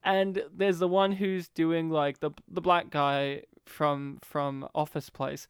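A man co-hosting a casual film podcast, animated, acting out scenes in put-on voices. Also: fairly high pitch, takes it slowly, clean tone, no room sound, studio quality. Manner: animated, acts out movie lines in put-on voices. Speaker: podcast co-host.

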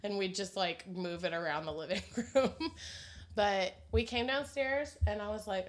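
Speaking at a moderate pace in a mid-range voice, a thirtysomething mother shares stories on the podcast she co-hosts. The chat is casual, and she laughs often, stays blunt, and curses freely.

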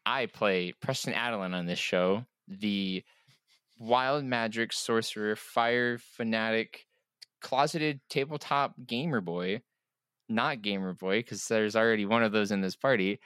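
Brief: young man, lowish voice, loose hesitant chat, dry close sound. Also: unhurried, fairly bright tone, clean tone, dry recording. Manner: rambling, hesitant asides. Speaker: podcast player. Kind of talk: casual chat.

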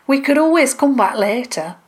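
A woman voicing a cheerful, chatty young girl who talks brightly and eagerly. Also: sits high, lively intonation, normal speed, pitched above the performer's own voice.

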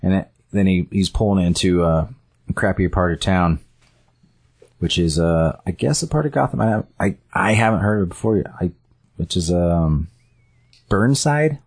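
A man's voice: deep voice, normal speed, darkish tone, slightly rough. A man casually retelling a story scene by scene, rambling with fillers and self-corrections.

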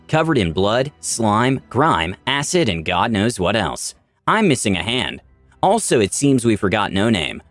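A man's voice: mid-range voice, dry recording. A man tells a tabletop fantasy adventure in the first person, wry and dramatic. His voice moves up and down a lot through the telling. The sound is close and dry. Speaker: storyteller of a tabletop campaign. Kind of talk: first-person story narration.

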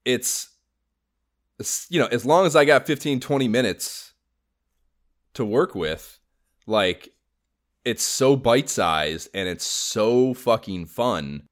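A man co-hosting a podcast, chatting casually about games, excitable, swearing a lot and laughing often. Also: mid-range voice, slow pace, pauses often. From Los Angeles area. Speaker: podcast co-host.

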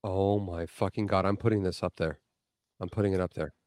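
A man's voice: deep voice, fairly even intonation, a little fast, a little mellow, no echo, studio quality. A man co-hosting a podcast, talking in a casual, profane and mocking way. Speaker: podcast co-host. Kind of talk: casual chat.

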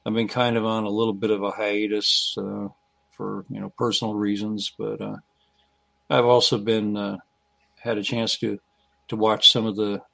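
Gravelly low-voiced man on a video call. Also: flat delivery, moderate pace, no echo. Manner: rambling, many fillers, warm greetings. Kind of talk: casual online roundtable chat.

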